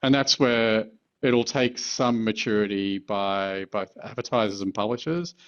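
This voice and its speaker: An advertising executive with a lowish voice answers interview questions in a measured, thoughtful manner, using the odd filler. The sound is lo-fi.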